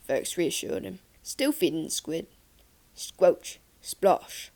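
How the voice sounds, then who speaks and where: Low, gravelly woman narrating an audiobook. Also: very animated, slow pace, darkish tone.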